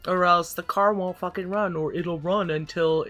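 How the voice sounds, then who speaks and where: A woman's voice: on the low side, fairly even intonation, normal speed, a bit bright, soft background music. A young woman hosting a livestream, rambling about philosophy in casual chat and swearing freely. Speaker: livestream host.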